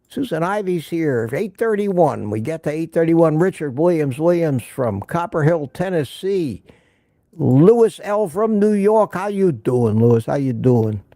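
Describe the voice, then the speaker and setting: A man's voice: on the high side, creaky, dark tone, no room sound, clean studio sound. An older man hosting a casual live stream from home, chatting and greeting viewers by name with frequent restarts. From United States. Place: indoors at home.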